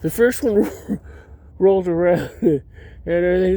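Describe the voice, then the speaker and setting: A man's voice: sits high, slow, long pauses, warm tone, dry recording. A man outdoors telling rambling personal stories, often cutting himself off and laughing at his own tales. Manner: meandering, self-interrupting, laughs at own stories. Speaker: vlogger.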